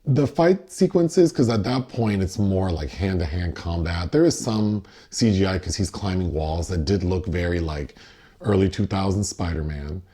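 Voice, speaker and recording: A man's voice: low-pitched, animated, moderate pace, warm tone, breathy edge. A man co-hosting a casual film review chat, retelling the plot with sardonic asides. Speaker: podcast co-host.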